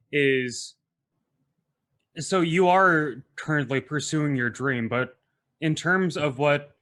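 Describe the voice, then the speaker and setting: Slow-spoken man asking questions. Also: mid-range voice, fairly bright tone. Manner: slow, hesitant, careful phrasing. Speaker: podcast co-host. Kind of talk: interview questions.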